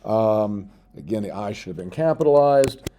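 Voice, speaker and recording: Mellow-voiced male teacher explaining emails. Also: on the low side, animated, slight background noise. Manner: explains step by step, reads out sample text slowly while typing. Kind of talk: screen-recorded tutorial.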